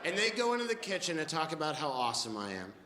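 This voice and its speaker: A man in his twenties performing a stand-up comedy set, telling stories quickly and wryly and acting out other people's lines. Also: a little high, big pitch swings. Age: 20s. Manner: quick, wry storytelling with acted-out quotes. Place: comedy club stage before a laughing audience. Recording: echoey room with audible noise.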